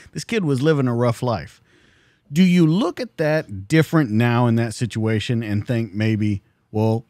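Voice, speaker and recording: A man's voice: medium pitch, darkish tone, no echo, clean studio sound. A man hosting a podcast, asking his guest thoughtful, probing questions. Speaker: podcast host. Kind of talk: interview questions. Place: studio.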